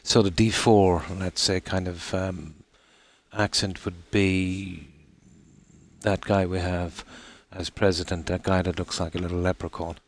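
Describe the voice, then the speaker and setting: An Irish man with a notably low, deep voice talks to his live-stream viewers while he plays. He rambles casually, circling back with frequent ums and restarts. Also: level tone, a little slow.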